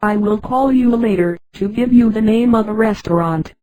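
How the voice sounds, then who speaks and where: A woman's voice: mid-range voice, normal speed, mellow, no room sound, lightly acted, low-quality recording. A synthetic woman's voice reading the lines of a cautious working woman on the phone, who gives short, guarded replies.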